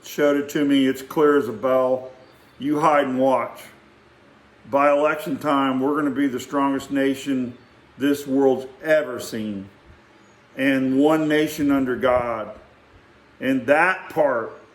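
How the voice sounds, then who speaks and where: A middle-aged man telling a rambling, animated story in a casual way and acting out quotes. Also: mid-range voice, slow, pauses often, roomy sound. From Texas. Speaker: vlogger.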